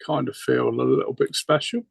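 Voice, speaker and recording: A man's voice: mid-range voice, fairly even intonation, a little fast, gravelly, slightly rough, no echo. A man running an online tabletop game as game master, chatty and stammering through restarts.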